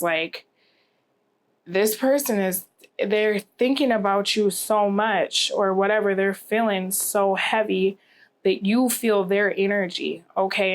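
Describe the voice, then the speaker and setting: A tired, yawning woman giving a rambling tarot reading to camera, often asking "okay?". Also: medium pitch. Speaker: tarot reader.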